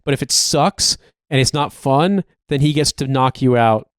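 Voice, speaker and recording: A man's voice: medium pitch, moderate pace, clear, resonant tone, no echo, studio quality. A man co-hosting a podcast, chatting casually in a rambling, profane way with lots of "like". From United States. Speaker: podcast co-host. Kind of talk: casual chat.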